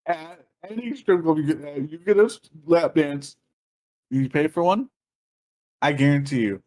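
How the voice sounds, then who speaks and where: A man's voice: fairly high pitch, moderate pace, a little mellow. A man on a podcast telling a long story in a casual, profane, laughing way. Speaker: podcast co-host.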